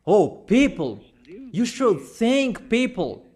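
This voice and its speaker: Man, high-pitched, emphatic repetitive sermon. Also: very animated, takes it slowly, a little mellow, slightly rough. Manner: emphatic, repetitive preaching, reads out verses. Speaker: preacher.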